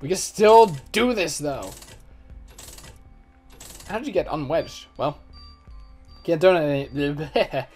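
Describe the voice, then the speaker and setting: A man's voice: a little high, animated, slow, long pauses, a little mellow, faint music behind. Rambling, goofy young gaming commentator man. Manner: rambling, joking, self-mocking. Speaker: let's play host. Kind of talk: casual gameplay commentary.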